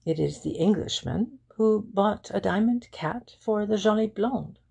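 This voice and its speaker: A woman's voice: mid-range voice, measured pace, voice pushed up. A woman voicing an eager young shop girl who chats readily and slips into phrases. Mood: eager, helpful. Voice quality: gravelly, husky. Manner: lively, helpful, sprinkles French phrases.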